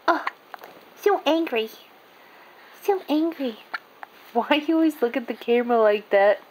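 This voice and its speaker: A woman's voice: sits high, a little mellow, slight background noise. A mother filming her baby at home on a handheld camera, cooing in sing-song baby talk and laughing often. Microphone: handheld home video camera.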